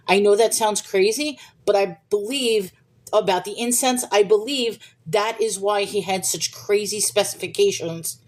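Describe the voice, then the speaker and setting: This livestream host has a mid-range, somewhat dark voice and talks informally about faith while going through viewer comments. She's chatty, thinking aloud, with restarts and small laughs.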